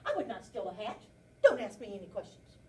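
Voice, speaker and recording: A woman's voice: medium pitch, quick pace, far from the mic, a little hiss or hum, close to an everyday voice. Storybook rabbit read by a woman, male, defensive, overexplaining, echoey classroom. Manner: insistent, overexplaining denials. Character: defensive, fibbing male rabbit in a picture book.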